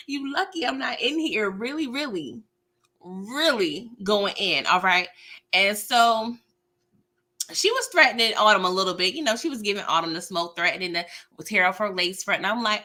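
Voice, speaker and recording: A woman's voice: medium pitch, moderate pace. A woman hosting a casual live recap, talking animatedly to her viewers and often laughing as she goes. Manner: animated, chatty, talks straight to viewers. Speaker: host of a live show recap.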